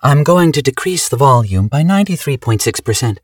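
A brisk, clinical machine assistant, as a male narrator puts it on in an audiobook. It talks quickly and evenly, with a matter-of-fact manner, set a little back from the mic in a dry, dead space. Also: medium pitch, animated, no echo, recorded from a distance, voice pushed up, lightly acted. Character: calm precise AI assistant voice.

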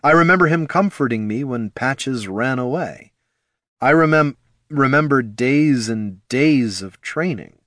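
A man voicing a brooding, guarded young male wizard who speaks slowly and quietly. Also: medium pitch, expressive, no echo, clean studio sound, voice pushed up. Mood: wistful.

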